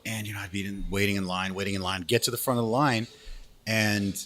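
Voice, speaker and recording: A Canadian radio DJ with a lowish voice talks fast as a guest in a casual, slangy interview. He's an animated storyteller, laid-back and full of slang as he tells a story.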